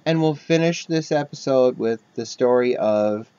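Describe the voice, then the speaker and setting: A man's voice: medium pitch, unhurried, clean tone. A man co-hosting a podcast, chiming in casually and laughing along, on a dull lo-fi recording. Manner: relaxed, laughing sidekick chiming in. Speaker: podcast co-host. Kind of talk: casual chat. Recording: dull lo-fi sound.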